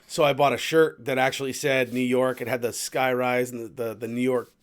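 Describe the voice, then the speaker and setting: A man's voice: medium pitch, fairly quick. Rambling man telling a trip story. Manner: rambling, animated storyteller with restarts. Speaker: podcast host. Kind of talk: casual chat, storytelling.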